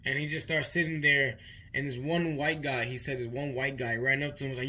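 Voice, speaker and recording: Bright-voiced young man telling a story. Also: mid-range voice, steady tone, quick pace. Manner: rambling, profane, repeats himself. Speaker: vlogger. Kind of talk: casual storytime monologue.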